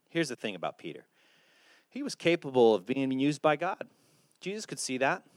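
A man preaching a sermon, animated and acting out the lines he quotes. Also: medium pitch, normal speed, long pauses, no room sound, clean studio sound. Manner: animated, acts out quotes in voices. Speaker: pastor.

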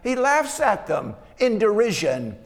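A man's voice: high voice, big pitch swings, unhurried, vocal fry. A man preaching a sermon, reading verses aloud and explaining them in an earnest way, often repeating his words. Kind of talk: sermon on Scripture. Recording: long reverb of a hall.

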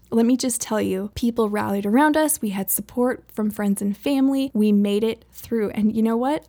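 A woman's voice: medium pitch, vocal fry, a little mellow. Earnest woman sharing a faith story. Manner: earnest and emotional, laughs often, says "like" and "you know". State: near tears. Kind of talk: personal testimony to listeners.

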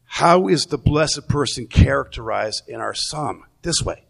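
Male pastor, unhurried sermon delivery, gravelly tone, conversational with restarts. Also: mid-range voice, lively intonation. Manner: conversational, repeats words while thinking.

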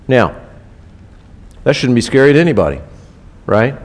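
A man's voice: medium pitch, wildly swooping pitch, moderate pace, long pauses. A man preaching a sermon in a casual, conversational way, repeating key phrases for emphasis. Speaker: pastor. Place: church.

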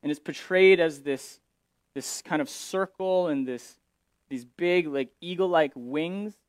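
Male pastor, slightly high voice, dry close sound, relaxed explanatory sermon with restarts. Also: slow, no room sound. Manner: explanatory, paraphrasing scripture with frequent restarts.

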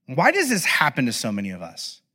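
A man's voice: medium pitch, brisk, husky. A man in his thirties preaching a sermon as a personal story, casual with many fillers, acting out his own lines with big swings. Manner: animated, acts out his own shouting in stories. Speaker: pastor.

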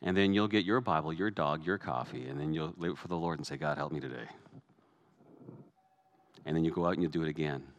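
A man's voice: very deep voice, fast talker, few pauses, dull audio. A man, a pastor, preaching a sermon in a conversational way that rises to emphatic peaks.

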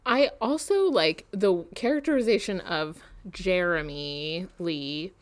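Podcast co-host: woman, low-pitched with vocal fry, rambly and casual. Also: slow. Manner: rambling, filler-heavy, gets shrill when excited. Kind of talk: casual chat.

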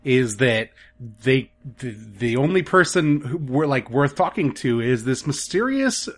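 A man co-hosting a casual podcast chat, recounting a game plot in a quick, wry way. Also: medium pitch, sing-song. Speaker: podcast co-host.

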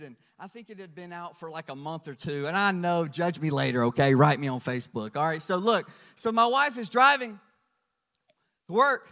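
Man, pastor, sermon, high voice, animated storytelling, church hall echo. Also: moderate pace. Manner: animated storytelling, shifting from hushed asides to loud emphasis.

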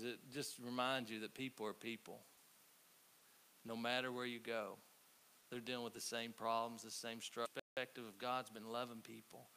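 A man preaching a conversational sermon, telling stories with halting restarts. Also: medium pitch, fairly bright tone. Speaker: pastor. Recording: faint hiss.

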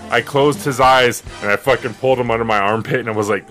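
A man who is a father, chatting as podcast co-host, telling animated, profane stories. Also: medium pitch, fast talker, hardly any pauses, faint music behind. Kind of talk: crude casual banter.

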